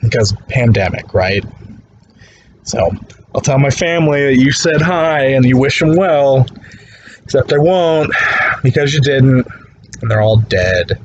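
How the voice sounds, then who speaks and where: A man recording a slow, deadpan video message from his bedroom on a phone. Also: lo-fi sound, noisy background. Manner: slow, deadpan, low-key.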